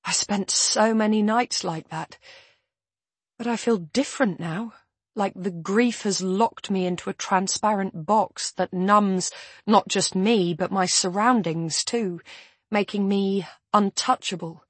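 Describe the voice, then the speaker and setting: A woman narrating a first-person novel in a measured, intimate storytelling manner. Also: medium pitch, dry recording. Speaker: audiobook narrator.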